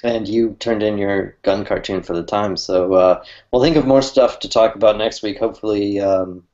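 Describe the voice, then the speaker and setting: A man with a fairly low voice talks in a loose, rambling way, often stopping to restart his sentences. He laughs easily between thoughts. The audio sounds dull and lo-fi, like an online call. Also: fairly even intonation, moderate pace, a little mellow. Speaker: cartoonist co-host. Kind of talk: casual chat.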